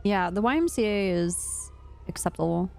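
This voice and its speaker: A woman's voice: medium pitch, lively intonation, normal speed, creaky, darkish tone. A woman streaming a game, chatting casually with her viewers and telling a rambling story, often laughing.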